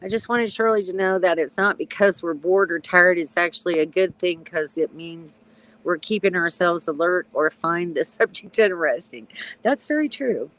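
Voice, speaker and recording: Older woman, retired nurse, live-stream chat, stuffy nose, throat-clearing, lowish voice. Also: moderate pace, a bit bright, low-quality recording. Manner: chatty, reads out comments, frequent ums and chuckles. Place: outdoors in her backyard.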